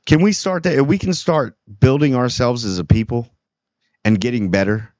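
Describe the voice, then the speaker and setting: A man's voice: medium pitch, normal speed, a little mellow, no echo. A man talking earnestly in a casual monologue about kindness, rambling and restarting his sentences often. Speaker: small YouTube channel host. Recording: dull, dry lo-fi recording.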